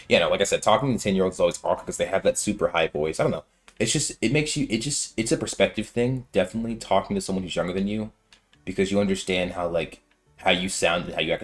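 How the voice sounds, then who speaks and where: A deep-voiced, fast-talking man in his twenties plays a video game with faint music behind him. His let's-play commentary is casual, rambling, slangy, and heavy on fillers.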